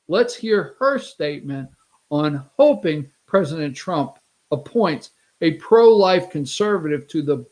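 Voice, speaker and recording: A man hosting a political talk show, brash and excitable, with sarcastic asides. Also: sits high. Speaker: show host. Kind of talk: animated political commentary.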